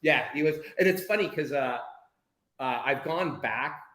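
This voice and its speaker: An American man telling a personal story in an animated, candid way, sometimes swearing. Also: mid-range voice, a little slow, reverberant, rough recording. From United States. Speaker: guest speaker. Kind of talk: casual storytelling.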